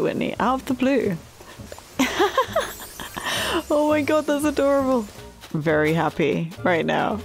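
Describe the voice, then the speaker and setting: A woman commenting casually on her game, excitable and chatty with frequent giggles. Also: fairly high pitch. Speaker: gaming vlogger. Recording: soft background music.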